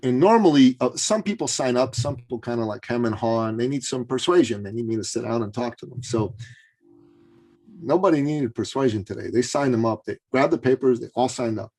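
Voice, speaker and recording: A man telling a story as an interview guest, animated and full of fillers and restarts. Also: medium pitch, a little fast.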